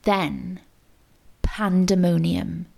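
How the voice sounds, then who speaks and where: A woman reading a children's storybook aloud, with expressive, suspenseful narration. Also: on the low side, drawn-out words, creaky.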